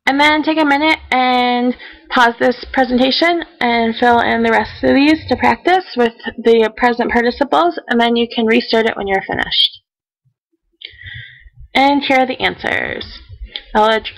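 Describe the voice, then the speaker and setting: Female teacher with a slightly high voice, for a calm step-by-step recorded lesson. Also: rough recording. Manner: methodical, counting out steps; reads example sentences slowly. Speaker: Spanish teacher.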